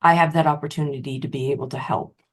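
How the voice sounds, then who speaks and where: A middle-aged woman, a betrayal recovery specialist, tells her own story with emotion, repeating phrases and swinging her pitch up hard for emphasis. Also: steady tone, quick pace. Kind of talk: personal testimonial talk.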